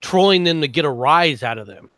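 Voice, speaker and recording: A man's voice: a little high, expressive, fairly quick, a bit bright, dry recording. A man streaming a casual voice chat, defensive and insistent as he argues his points.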